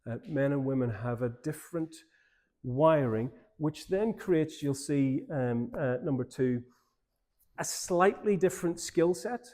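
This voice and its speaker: A man with an Irish accent, a pastor telling a personal story in a church seminar talk, in an informal, animated way. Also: a little high, unhurried. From Ireland.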